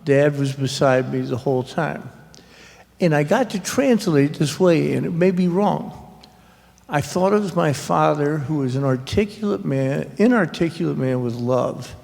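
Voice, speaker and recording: A man, an author, telling wry, halting family anecdotes at a library author talk. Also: on the high side, lively intonation, creaky, darkish tone. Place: public library event hall. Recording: reverberant hall.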